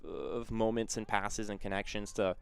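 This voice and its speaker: A man calling a live soccer match play-by-play in a steady, conversational way, filling quiet stretches with background chat about the teams. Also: on the low side, normal speed, smooth. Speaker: play-by-play commentator.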